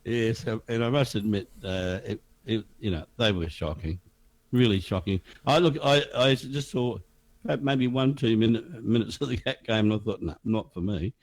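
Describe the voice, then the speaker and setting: Blunt, low-voiced Australian man. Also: moderate pace, dry recording. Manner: blunt and scornful, with frequent restarts. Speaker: podcast co-host. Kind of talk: casual sports chat.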